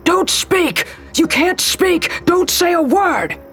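A woman reading an audiobook, voicing an unstable, tormented male attacker who stammers breathlessly and lurches between hushed menace and raw shouting. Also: on the low side, slow, faint music behind. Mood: shouting, furious. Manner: breathless and stuttering, swinging to shouts.

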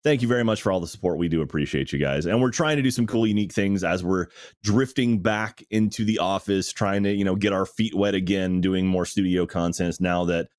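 A man's voice: low voice, a little fast, a little mellow, no echo, clean studio sound. A man hosting a podcast, talking in an earnest, casual way and thanking supporters. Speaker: podcast host. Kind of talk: casual chat.

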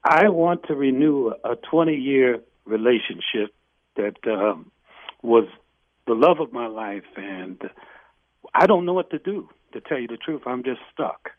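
A man's voice: medium pitch, lively intonation, unhurried, no room sound. A man calling in to a radio show, talking hesitantly and searching for words. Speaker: caller. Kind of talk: phone-in call. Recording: phone line.

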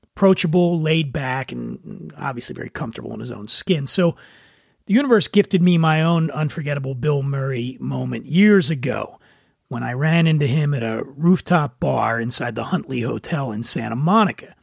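A man hosting a storytelling show, telling his own story in a relaxed, wry, conversational way. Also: mid-range voice, normal speed, creaky, slightly rough, no echo, clean studio sound. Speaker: podcast host. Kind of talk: storytelling monologue.

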